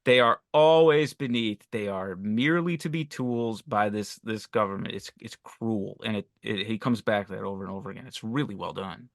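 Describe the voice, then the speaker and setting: A man's voice: lowish voice, gravelly, no room sound. Dry-voiced man analyzing a film. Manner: thoughtful, analytical, halting with fillers. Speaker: podcast co-host. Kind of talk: casual film discussion.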